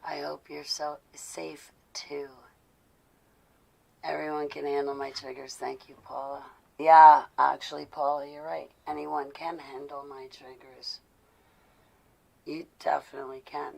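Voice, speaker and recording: A woman speaks to her live-stream audience in a slow, gravelly voice with plenty of fry. Her delivery is intense and confessional, and her pitch stays fairly flat. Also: rough recording. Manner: intense, confessional, rising to indignant. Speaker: vlogger speaking to live viewers. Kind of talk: casual live-stream talk.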